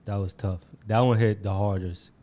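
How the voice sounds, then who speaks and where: Male guest, low mellow voice, quiet and subdued. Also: fairly even intonation, moderate pace. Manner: quiet, subdued, brief remarks. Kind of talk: casual personal storytelling.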